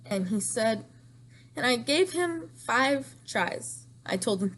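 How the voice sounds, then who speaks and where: A woman's voice: a little high, lively intonation, takes it slowly, a bit bright. A young woman telling an emotional storytime vlog, distraught and rambling, repeating herself and crying at times.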